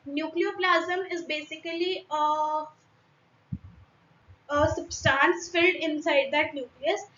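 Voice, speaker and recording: High-pitched Indian woman teaching slowly. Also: steady tone, pushed and bright, slight background noise. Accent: Indian English. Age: young adult. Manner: hesitant, many fillers and restarts. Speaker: biology teacher. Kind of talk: online class explaining diagrams. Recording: echoey room, dull lo-fi sound.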